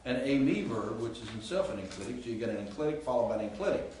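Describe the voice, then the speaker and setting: With a warm, expressive mid-range voice, a Greek professor races through an informal grammar explanation, often checking in with students. The recording is from a distance in an echoey classroom with faint hiss.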